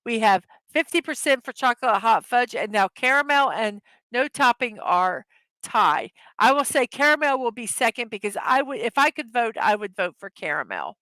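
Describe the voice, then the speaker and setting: Giggly chatty woman, a bit high. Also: animated, moderate pace, pushed and bright, no echo. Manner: giggly, laughs easily at her own jokes; rambling, self-correcting. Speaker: livestream host. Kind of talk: casual morning chat.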